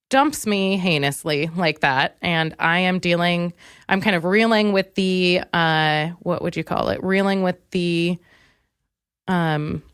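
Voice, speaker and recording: Young woman comic host, low-ish smooth voice, loose rambling profane storytelling, dry close mic. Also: no room sound. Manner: rambling, candid, profane, many fillers and restarts. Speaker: podcast host. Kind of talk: comedic storytelling monologue.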